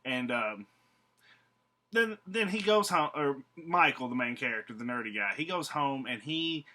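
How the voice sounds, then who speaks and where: A man's voice: mid-range voice, expressive, a little slow, sharp tone. A man recapping a horror movie in a casual, rambling way, swearing freely and laughing as he goes. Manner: profane, rambling, laughing asides. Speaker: movie reviewer.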